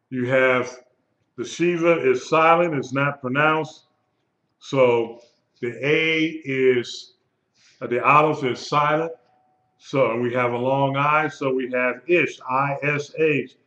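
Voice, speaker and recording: A man teaching a live Hebrew lesson, speaking slowly and patiently and repeating words for his students. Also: medium pitch, fairly bright tone. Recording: lo-fi echoey room recording.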